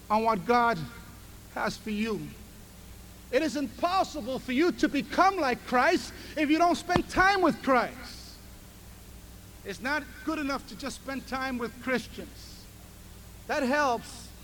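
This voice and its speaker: A man preaching a sermon as pastor, swinging between hushed, tender passages and shouted, impassioned climaxes. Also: very high-pitched, slight background noise.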